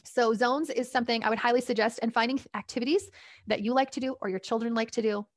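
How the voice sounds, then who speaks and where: The clean, echo-free studio audio captures a woman speaking fast in a fairly high voice with fairly even intonation. As a parenting coach being interviewed on a podcast, she explains her tips cheerfully and chattily, with laughs between points.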